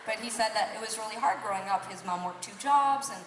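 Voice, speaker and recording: Filmed from the audience, a female singer on a concert stage chats between songs, spinning a rambling story full of apologies and self-deprecation. Her mid-range voice moves fast and comes through the PA, recorded from far off in an echoey hall with noisy background.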